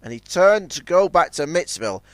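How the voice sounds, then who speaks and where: A man narrating a children's storybook with a lively, expressive delivery. His voice is fairly high and swings widely in pitch. The recording is dry and close. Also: normal speed, dry recording.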